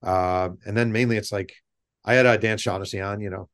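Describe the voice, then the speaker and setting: A middle-aged man, a guest author on a podcast, chatting casually and telling animated stories with rambling asides. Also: fairly low pitch, a little fast. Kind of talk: casual interview chat.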